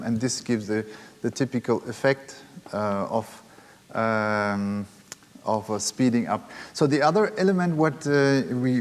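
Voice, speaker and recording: A man leading a music workshop, explaining rhythm hesitantly with many fillers. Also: mid-range voice. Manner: hesitant, many fillers, counting beats and chanting drum syllables aloud. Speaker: workshop leader and percussionist. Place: large hall at a music academy. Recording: long hall reverb with drumming.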